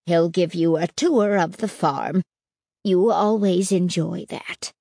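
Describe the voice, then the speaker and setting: A woman reading a storybook and voicing an elderly grandfather on a farm, who speaks in a low, terse mutter. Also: slow pace, gravelly, a little mellow, no room sound, clean studio sound, full character voice. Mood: weary.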